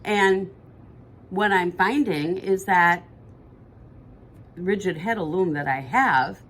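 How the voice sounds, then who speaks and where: A woman's voice: on the low side, takes it slowly, a bit bright. A woman, co-hosting a podcast in casual chat that rambles and corrects itself as she goes. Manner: chatty, rambling, self-correcting. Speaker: podcast co-host.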